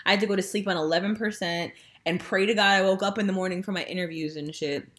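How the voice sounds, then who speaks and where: Young woman, casual chat, storytelling, cursing, animated, mid-pitched. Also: fast talker. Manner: storytelling, profane, animated when retelling.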